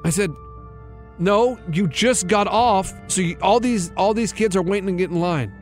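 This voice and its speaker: A man in his thirties who co-hosts a radio show tells a rambling, animated story, acting out the voices of the people he quotes. His voice sits high and moves at a moderate pace, with faint music in the background. It's casual chat built around storytelling.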